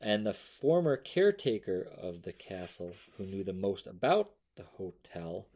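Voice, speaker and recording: Man, podcast co-host, lowish voice, relaxed true-crime banter with offhand swearing. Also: measured pace. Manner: reads notes loosely, swears casually, laughs often. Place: home room with a noisy cat.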